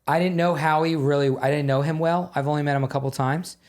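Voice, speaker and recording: A man's voice: fairly high pitch, steady tone, darkish tone. Comedian guy on a podcast telling wild stories, lots of cussing. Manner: storytelling, swearing, quick asides. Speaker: comedian guest. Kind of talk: casual chat.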